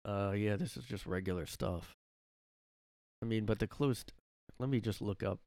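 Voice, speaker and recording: A man's voice: lowish voice, moderate pace, warm tone, dry recording, studio quality. Rambling man alone in his room. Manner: rambling, lots of fillers and self-corrections, laughs often. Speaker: podcast host. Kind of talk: casual solo chat. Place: home room.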